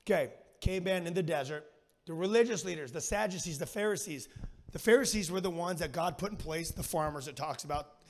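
A guest preacher gives an energetic sermon, loose with slang and lively in his storytelling. His voice sits a little high for a man. It rings with the long reverb of a church hall. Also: fairly quick. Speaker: guest speaker. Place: church sanctuary.

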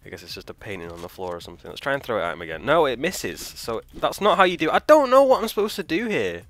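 A man hosting a let's play, thinking aloud, trailing off, swearing and shouting in frustration as he plays. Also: medium pitch, sing-song, fast, no room sound. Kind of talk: live gameplay commentary.

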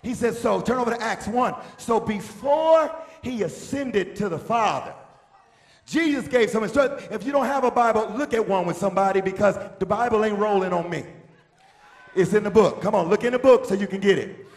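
High-voiced gravelly preacher. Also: male voice, moderate pace, roomy sound. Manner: call-and-response preaching, swings from quiet to shouting. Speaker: pastor. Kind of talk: sermon. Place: church sanctuary.

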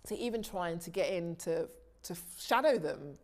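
Animated woman telling stories in an interview. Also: on the low side, moderate pace. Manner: animated, restarts sentences, laughs easily. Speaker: TV director, interview guest. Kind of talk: casual interview storytelling.

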